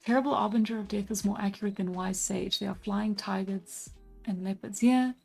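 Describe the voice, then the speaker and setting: A young woman from South Africa chatting casually on a live stream while she draws, relaxed and quick to laugh, with plenty of fillers. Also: medium pitch, creaky. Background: soft background music.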